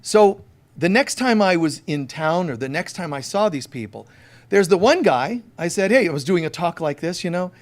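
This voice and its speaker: Animated man giving a casual sermon. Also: sits high, moderate pace. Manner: conversational, animated storytelling; emphatic, direct address to listeners. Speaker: spiritual teacher.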